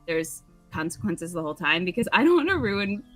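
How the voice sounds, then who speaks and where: A woman's voice: on the low side, big pitch swings, fairly quick, fairly bright tone, soft background music. A woman casually chatting and joking while playing a story game, laughing often. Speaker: game streamer. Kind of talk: casual let's-play chat.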